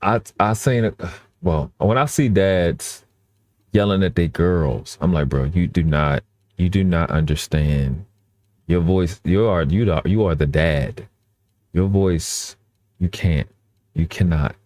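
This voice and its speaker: A man's voice: low-pitched, slow pace, darkish tone, no room sound. A man talking earnestly in casual live-stream chat, often restarting and repeating his phrases.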